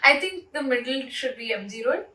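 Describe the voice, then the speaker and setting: A woman's voice: high voice, lively intonation, moderate pace, sharp tone. A young woman, chatting bluntly and laughing as a podcast co-host. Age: 20s. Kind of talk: casual chat. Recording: roomy distant mic, faint hiss.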